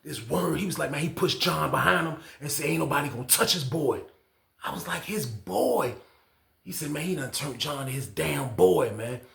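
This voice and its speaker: A man telling a prison story in casual slang, acting out the people he quotes with loud shouts. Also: on the high side, expressive, moderate pace, vocal fry, echoey room.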